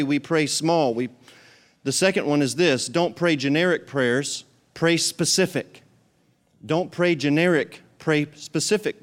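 A male pastor delivers a sermon in a fairly high voice. He talks conversationally and drives each point home by repeating it. His energy rises on the key phrases. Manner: emphatic, repetitive, conversational.

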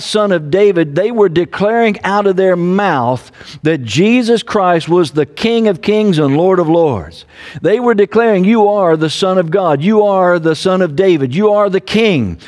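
A man's voice: high-pitched, a little mellow. A man preaching a sermon as pastor, earnest, with repeated phrases and fillers. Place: home.

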